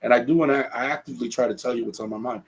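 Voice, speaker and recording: A man's voice: medium pitch, very fast, low-quality recording. A man hosting a solo podcast, talking earnestly and reflectively, often restarting his phrases. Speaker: podcast host.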